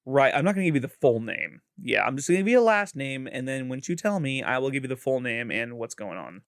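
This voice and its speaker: A man's voice: medium pitch, sing-song, quick pace, no room sound, studio quality. A man co-hosting a podcast in casual chat, with a Midwestern American accent, playful and laughing often. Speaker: podcast co-host.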